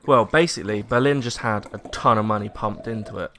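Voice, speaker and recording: A young English man in casual podcast chat, animated, acting out the people in his story. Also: fairly low pitch, brisk, slight background noise. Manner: animated storyteller, acts out quotes, laughs often. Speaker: podcast co-host.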